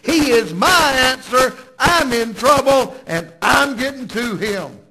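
A preacher acting out a desperate blind beggar. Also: male voice, extremely high pitch, lively intonation, slow, breathy edge, exaggerated voice, low-quality recording. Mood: determined. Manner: shouting, pleading.

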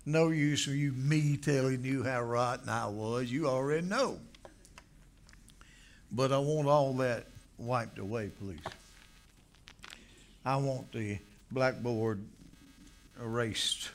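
A man preaching a folksy sermon, telling stories from his childhood and rising now and then into loud exhortation. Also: mid-range voice, slow pace, pauses often, slight background noise. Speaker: pastor. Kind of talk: folksy sermon with personal story.

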